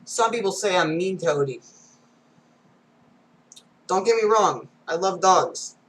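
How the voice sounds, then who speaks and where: Slow, bright-voiced comic strip reader. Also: mid-range voice, animated, low-quality recording. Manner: reads every panel and sound effect aloud with casual asides. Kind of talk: casual read-aloud of comics.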